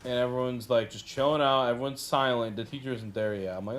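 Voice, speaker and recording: A young adult man telling a casual story, animated and peppered with "like". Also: medium pitch, fast, slight background noise. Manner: animated, heavy use of "like". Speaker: streamer.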